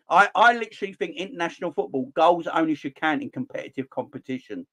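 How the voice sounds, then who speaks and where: A middle-aged man ranting about football in an animated, exasperated way. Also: a little high, fast talker. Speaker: football channel host. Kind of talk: opinionated football rant.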